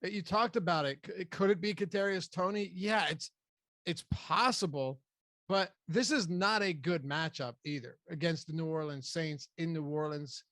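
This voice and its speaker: A man's voice: a little high, moderate pace, fairly bright tone, no room sound. A man hosting a fantasy football show, chatting loosely and restarting sentences as he goes. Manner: conversational, loose with frequent restarts. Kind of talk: casual sports analysis chat.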